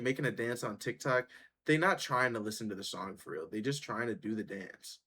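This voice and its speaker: Male reaction host, husky voice, blunt and profane, casual slang delivery. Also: medium pitch, fairly quick, a bit bright.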